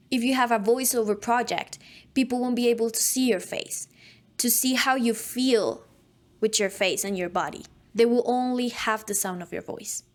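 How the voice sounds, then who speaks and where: A woman with a fairly high-pitched voice teaches an online voice acting course. She speaks instructively and demonstrates diction drills.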